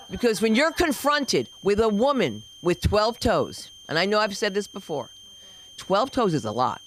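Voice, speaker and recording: A middle-aged woman doing stand-up at an open mic, telling loud, animated stories with sudden shouts. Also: medium pitch, moderate pace, a little hiss or hum, low-quality recording. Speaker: stand-up comic. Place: comedy club stage.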